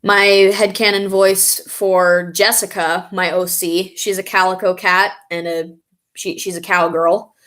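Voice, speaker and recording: A woman's voice: on the low side, little pitch movement, measured pace, fairly bright tone. A young woman vlogging in a casual, rambling way, stopping now and then to recall names. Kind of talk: casual chat reading and answering comments.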